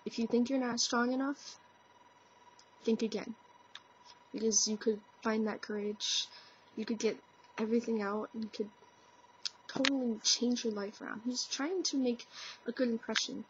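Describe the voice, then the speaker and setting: A woman's voice: fairly high pitch, steady tone, moderate pace, pauses often, slight background noise. A young woman talking earnestly into her camera in a casual opinion vlog, full of "like" and "you know". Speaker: vlogger. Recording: dull lo-fi webcam audio.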